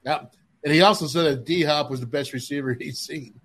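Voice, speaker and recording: A man co-hosting a football podcast, animated and acting out old conversations. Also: fairly high pitch, normal speed, slightly rough. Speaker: co-host, former player. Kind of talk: casual podcast chat.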